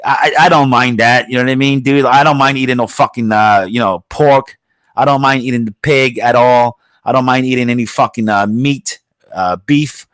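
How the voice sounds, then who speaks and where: A man's voice: medium pitch, steady tone, moderate pace, a bit bright, dry recording. A man hosting a podcast in a casual, rambling rant, swearing often and filling gaps with "you know what I mean.". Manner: rambling, swears a lot, many fillers. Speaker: podcast host. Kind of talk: casual profane political rant.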